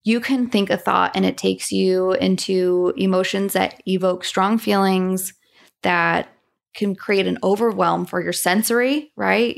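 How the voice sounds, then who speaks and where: A woman with a gravelly, fry-edged voice co-hosts a casual self-help chat. She coaches through everyday examples, steady and conversational. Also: mid-range voice. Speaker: podcast co-host.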